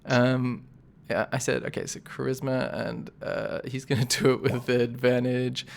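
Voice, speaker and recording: A game master narrating a tabletop game, relaxed, with loose narration and easy laughter. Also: mid-range voice, measured pace, creaky, slight background noise.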